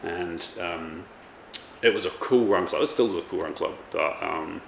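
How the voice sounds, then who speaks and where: The man here, a chef and vlogger in his thirties, has a low, gravelly voice and a moderate pace. His casual conversation rambles with frequent ums and restarts, recorded in an echoey room with faint noise in the background.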